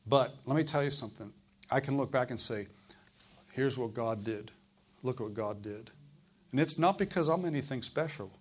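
A man preaching a sermon in a church service, asking the congregation questions and swinging between loud and hushed delivery. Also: mid-range voice. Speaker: pastor.

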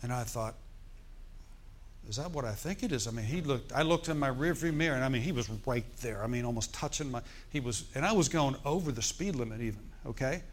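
A middle-aged male pastor talks fast at medium pitch with few pauses, telling a story in his sermon. He's animated and conversational, asking the congregation questions along the way.

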